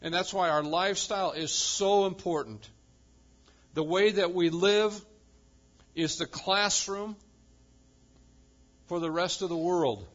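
A male pastor preaching a sermon with emphasis, swinging from loud proclamation to quiet intensity. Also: on the high side, a little slow, highs cut off.

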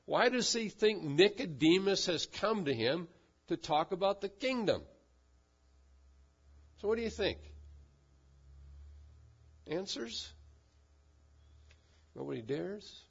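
A man's voice: high-pitched, lively intonation, slow, vocal fry, long pauses, slightly rough. A pastor giving a sermon, talking conversationally and asking his congregation questions. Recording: dull lo-fi sound.

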